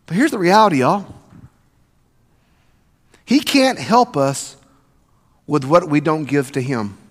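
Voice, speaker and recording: A man preaching a sermon as pastor, swinging from loud emphatic passages to soft near-whispers. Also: fairly high pitch, animated, slow, in a large hall. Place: church sanctuary.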